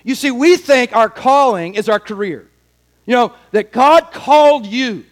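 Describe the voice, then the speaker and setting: A man in his forties delivers a sermon in a strikingly high voice. He talks animatedly, and his voice rises to a shout at the peaks of his personal stories. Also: expressive, measured pace. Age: 40s. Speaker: pastor.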